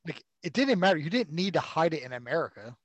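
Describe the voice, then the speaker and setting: A man with a fairly high voice riffs sarcastically on a movie, rambling and swearing as he goes. He sounds close and dry, with no room around him. It is loose, casual podcast talk. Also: big pitch swings, fast talker, no echo, lo-fi sound. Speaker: podcast co-host.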